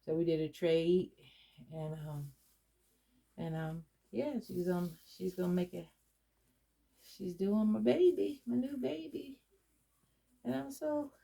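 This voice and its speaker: A middle-aged woman who vlogs about doll collecting chats casually to her viewers in a low, gravelly, dark-toned voice. She rambles, restarting often and leaning on fillers.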